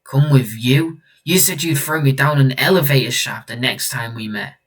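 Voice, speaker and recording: A man's voice: mid-range voice, a little fast, fairly bright tone, far from the mic, voice pushed up, close to an everyday voice. Give me a fierce foul-mouthed criminal woman, read by a man, a little away from the mic. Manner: brash, swearing threats.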